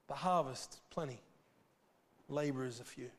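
A man preaching a sermon, earnest and urgent, with sudden loud swells and soft drops. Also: fairly high pitch, moderate pace, pauses often, in a large hall.

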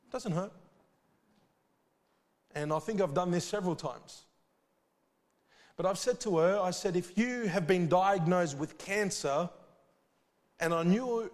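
A man preaching a sermon, earnest and urgent, with sudden loud swells and soft drops. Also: on the high side, big-room sound.

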